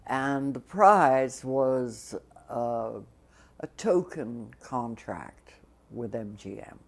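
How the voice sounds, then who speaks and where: Woman telling a story real unhurried, does little voices for the other people. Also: rumbling low, animated, gravelly. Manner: acts out the other voices in her tale. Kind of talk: anecdotal storytelling.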